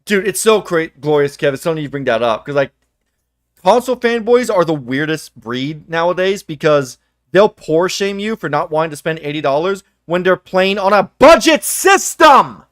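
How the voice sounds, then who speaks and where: A young man on a livestream, his voice pitched high and swinging wildly as he rants. He swears freely and bursts out loud now and then. The sound is close and dry. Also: moderate pace, no echo. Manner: animated, profane ranting with sudden loud outbursts. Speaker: livestream co-host. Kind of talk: heated casual chat.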